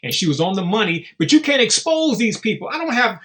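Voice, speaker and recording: A man with a high voice that swings widely up and down, talking as a guest in a relaxed interview. He is blunt and emphatic and swears freely. He tells stories and acts out what others said. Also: fast. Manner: storytelling with acted-out quotes. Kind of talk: casual podcast interview.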